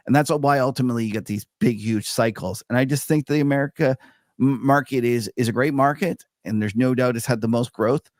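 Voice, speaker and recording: A man's voice: medium pitch, brisk, a little mellow, dry recording, studio quality. A man co-hosting a podcast, talking markets in a loose, casual way with lots of fillers and easy laughs. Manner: loose, filler-heavy talk, laughs easily. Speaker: podcast co-host.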